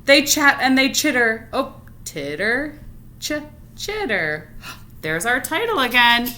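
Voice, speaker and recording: Animated woman reading a picture book aloud. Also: high-pitched, slow, slight background noise. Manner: animated, asks listeners questions. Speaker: read-aloud teacher. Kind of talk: storytime read-aloud for children.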